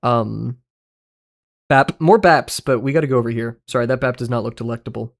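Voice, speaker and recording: A male streamer talking casually to his chat, rambling from one thing to the next. He swears freely, cracks jokes and laughs often, his voice sitting at an ordinary middle pitch. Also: brisk, gravelly. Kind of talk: casual livestream commentary.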